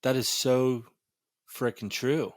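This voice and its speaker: A man hosting a podcast, talking in an animated, emphatic way and swearing casually. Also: medium pitch, slow, dry recording, clean studio sound. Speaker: podcast host.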